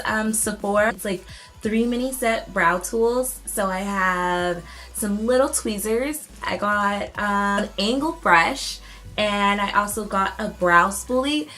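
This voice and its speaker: A woman beauty YouTuber chatting through a casual unboxing vlog at home. She sounds bubbly and excitable and uses casual slang. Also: medium pitch, slow, rough recording.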